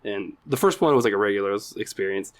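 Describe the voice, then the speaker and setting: A man co-hosting a podcast, telling a rambling anecdote in casual chat, with lots of fillers and quick laughs. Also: lowish voice, lively intonation. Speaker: podcast co-host.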